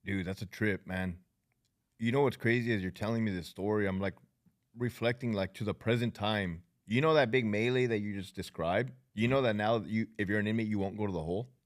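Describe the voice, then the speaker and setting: A man hosting a podcast interview, asking questions in a relaxed, slangy way. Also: on the low side. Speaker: podcast host.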